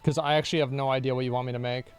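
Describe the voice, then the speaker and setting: A man's voice: medium pitch, little pitch movement, very fast, faint music behind. A man streaming an online game, chatting casually and thinking aloud, often hesitant and puzzled. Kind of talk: casual gameplay commentary.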